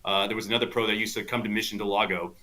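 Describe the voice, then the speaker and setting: Talking very fast in a fairly low, pushed, bright voice with fairly even intonation, a South Texas man who teaches golf shares casual stories on a podcast. The anecdotes ramble, stuffed with fillers and lively quotations.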